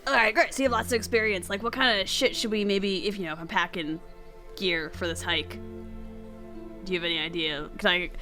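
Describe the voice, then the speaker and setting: A woman's voice: medium pitch, fairly even intonation, brisk, bright, forceful tone, faint music behind. Giggly woman player at a tabletop game. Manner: rambling, filler-heavy, giggly. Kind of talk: casual tabletop play.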